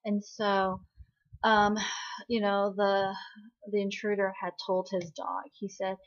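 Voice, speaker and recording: A chatty woman recaps a drama in a casual, bubbly way, often pausing on "um" and "right?". Her voice sits at an ordinary middle pitch. The recording sounds slightly dull and lo-fi. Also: flat delivery.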